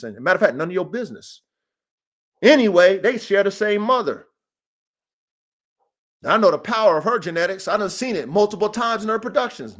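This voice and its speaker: Man, casual livestream host, animated storytelling, profane, slightly high voice. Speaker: dog breeder and podcast host. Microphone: streaming setup.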